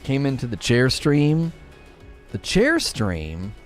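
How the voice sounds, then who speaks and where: A man chats casually on a gaming live stream, reading out viewer comments and answering them. His mid-pitched voice moves in a lively way, and at times he talks very fast. Faint music plays underneath. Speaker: game streamer.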